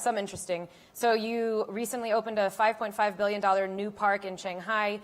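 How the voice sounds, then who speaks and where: A woman hosting an onstage conference interview, chatty and upbeat, with frequent "um" fillers. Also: mid-range voice. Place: conference stage.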